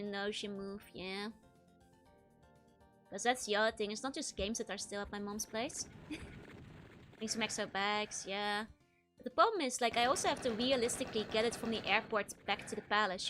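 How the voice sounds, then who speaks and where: Giggly streamer girl from the netherlands, kinda high voice, rambling chat, faint music behind. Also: bright, forceful tone. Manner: giggly, laughs often, rambling. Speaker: VTuber streamer. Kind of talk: casual chat while gaming.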